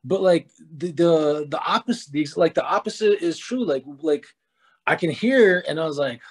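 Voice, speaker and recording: A man's voice: a little high, normal speed, husky. A man presenting at a community talk, telling self-mocking stories with easy laughs. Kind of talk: casual storytelling talk.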